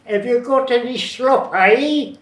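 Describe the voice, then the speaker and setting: A man imitating an old English chemist with a Cockney accent, calling out loudly. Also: takes it slowly. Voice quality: high, loud calling voice. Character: old male English chemist, friendly goat keeper. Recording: roomy, distant, faint noise.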